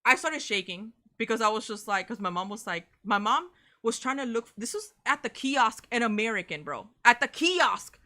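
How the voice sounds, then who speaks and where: A young woman, co-hosting a casual chat and telling a story in an animated way, swearing freely and saying "bro" a lot. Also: fairly high pitch, normal speed. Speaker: co-host of a reaction channel.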